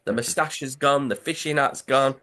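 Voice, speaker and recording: Sex: man. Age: adult. Role: podcast co-host. Style: casual, animated comic-story retelling over a video call. Pitch: middle. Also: normal speed. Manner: animated, acts out characters' lines.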